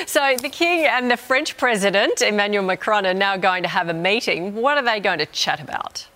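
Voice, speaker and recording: A woman presenting the news, introducing stories and questioning a correspondent in a bright, lightly teasing way. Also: medium pitch, animated, moderate pace, hardly any pauses.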